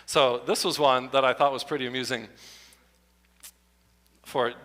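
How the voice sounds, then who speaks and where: A middle-aged man doing stand-up comedy with slides at a church show, animated and breaking into loud exclamations. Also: medium pitch, a little slow. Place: church hall before an audience. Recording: long hall reverb.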